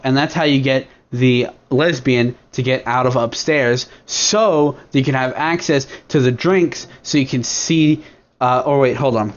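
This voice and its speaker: A young man talks loosely as a podcast host, crude and rambling, stacking fillers and restarting his sentences. His pitch sits in an ordinary middle range for a man. The recording sounds dull and lo-fi. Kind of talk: casual rambling chat.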